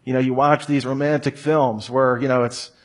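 A man lectures an audience with humor, full of rhetorical questions, jokey asides, and mock voices. His mid-range voice shows little pitch movement and runs at a normal speed.

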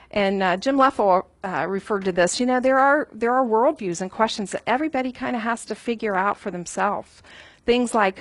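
A woman's voice: mid-range voice, dry recording. A woman in her fifties teaching a Bible study in a conversational way, mixing scripture with everyday stories. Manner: conversational, with everyday anecdotes and filler ums.

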